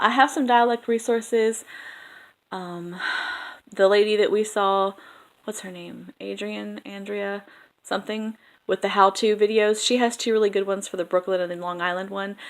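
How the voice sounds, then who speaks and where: A woman drama teacher talking through a lesson plan in a casual, chatty way, full of ums, pausing to demonstrate vowel sounds. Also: mid-range voice.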